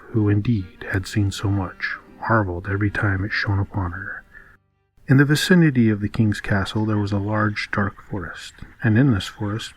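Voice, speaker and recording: Calm low-voiced man reading a fairy tale. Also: rough recording. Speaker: audiobook reader. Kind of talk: scripted storybook narration.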